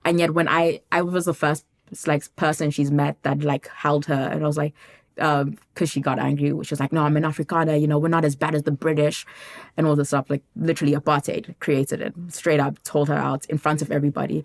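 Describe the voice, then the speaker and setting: A woman from South Africa chatting casually on a podcast, telling stories with lively, acted-out quotes. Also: low voice, fairly quick. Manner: animated storytelling, acts out quoted people. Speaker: podcast guest.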